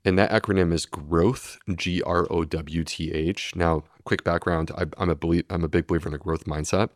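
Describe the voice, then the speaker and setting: A man's voice: low-pitched, fairly even intonation, normal speed, no echo, studio quality. A man, a medical doctor, explaining steadily and earnestly in a podcast interview. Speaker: gastroenterologist guest.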